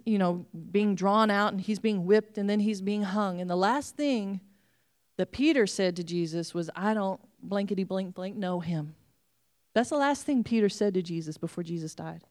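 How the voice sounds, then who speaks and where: A woman preaching a sermon, retelling a story with animated storytelling and acted-out voices. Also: mid-range voice, moderate pace, clean tone.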